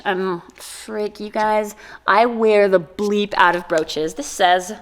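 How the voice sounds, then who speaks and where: A woman's voice: medium pitch, a bit bright. A woman in her thirties vlogging casually as she unboxes gifts, gushing and joking with her viewers. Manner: gushing and playful, jokes and exclamations.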